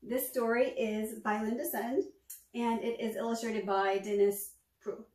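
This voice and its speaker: A woman's voice: on the high side, steady tone, a little slow, a little mellow, echoey room, distant mic. A woman, a former teacher, reading a picture book aloud to children with enthusiasm. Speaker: storytime reader, former teacher.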